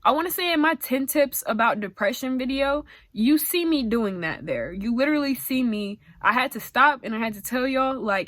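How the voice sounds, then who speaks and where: A woman's voice: sits high, moderate pace, hardly any pauses, no echo, studio quality. A young woman vlogger giving dog-training tips in a casual, emphatic, slangy way. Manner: emphatic, animated, slangy and direct. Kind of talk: casual chatty advice.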